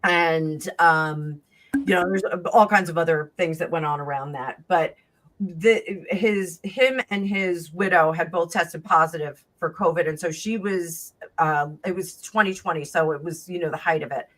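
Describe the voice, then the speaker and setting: A woman telling a long personal story in casual chat, rambling and animated, acting out the voices of the people in it. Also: fairly low pitch, measured pace. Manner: rambling, animated, acts out quoted dialogue. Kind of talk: casual storytelling on a live stream.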